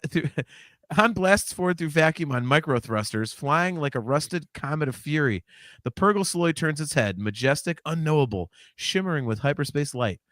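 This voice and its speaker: Male co-host, keyed-up and giggly, slightly high voice, dry close mic. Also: dry recording. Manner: excitable, laughs often. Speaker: podcast co-host. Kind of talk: casual chat, reading a script aloud.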